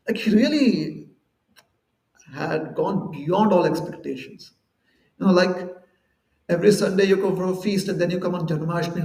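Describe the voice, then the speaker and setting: A man's voice: high-pitched, a little slow, pauses often, dark tone, echoey room, recorded from a distance, poor audio. A man giving a devotional lecture at a temple, talking conversationally and explaining with everyday examples and acted-out quotes. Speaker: temple speaker.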